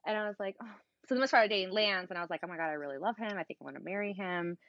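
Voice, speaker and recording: A young woman from the States chats as a podcast guest and tells a story with lively energy. She acts out each quoted line and fills her speech with "like." Her voice sits at an ordinary middle pitch, and the sound is dry but a little dull. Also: rapid-fire, no room sound. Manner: animated, acts out quoted dialogue, heavy use of "like". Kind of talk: casual chat, storytelling.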